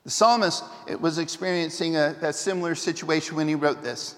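A pastor with a notably high voice, preaching in a lively storytelling manner. He trips over and restarts his phrases, and a long reverb from a large church hall trails after his words. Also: fairly quick. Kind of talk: sermon.

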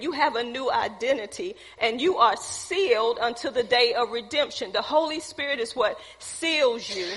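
A high-voiced woman preaches a sermon in a hall with a long, trailing reverb. Her tone is bright and slightly husky. She keeps putting questions to the congregation and slips in casual asides between the scripture.

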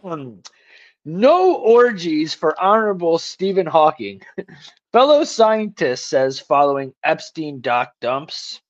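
Man co-host, slangy and jokey, reads news aloud, higher voice, dull lo-fi mic. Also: very animated, slow, no room sound. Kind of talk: casual call-in talk show banter.

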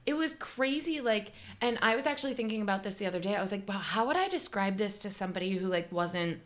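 A young woman co-hosting a podcast, telling stories in casual chat, full of "like" and quick laughs. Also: mid-range voice, lively intonation. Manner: chatty storyteller, heavy use of "like", laughs often. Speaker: podcast co-host.

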